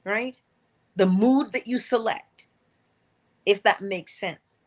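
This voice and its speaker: A woman's voice: medium pitch, slow pace. Woman, inspirational speaker, motivational livestream talk, earnest coaching tone, repeats key phrases.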